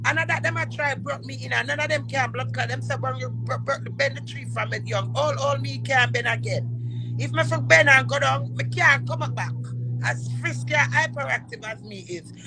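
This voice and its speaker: A woman's voice: high-pitched, normal speed, vocal fry, background noise. A middle-aged woman with a Jamaican accent, telling stories in a casual chat and repeating words as she goes. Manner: animated, repeats words while telling a story.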